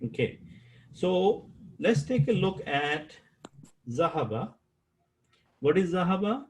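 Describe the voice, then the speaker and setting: A man teaching an online Arabic grammar class over a video call, slow and patient, repeating key terms and quizzing his students. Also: sits high, big pitch swings, darkish tone, low-quality recording. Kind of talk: live online class lecture.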